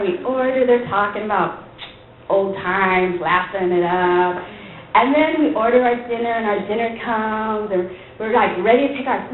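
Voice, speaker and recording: A woman, a pastor's wife, tells her church testimony to a women's group as an animated story, acting out the dialogue and laughing often. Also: on the high side, a little hiss or hum. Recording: tinny, phone-like recording in an echoey hall.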